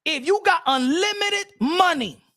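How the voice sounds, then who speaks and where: Guy yelling about boxing, high bright voice, dry room. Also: lively intonation, a little slow, no room sound. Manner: loud, profane, switching into Spanish. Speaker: boxing commentator. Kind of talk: ranting boxing commentary.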